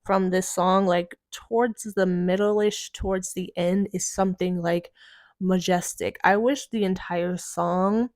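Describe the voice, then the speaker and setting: Woman music reviewer with a slight lisp and a lowish voice, chatty and filler-heavy, dry close sound. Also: fairly even intonation, unhurried, darkish tone, no echo. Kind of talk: casual album review commentary.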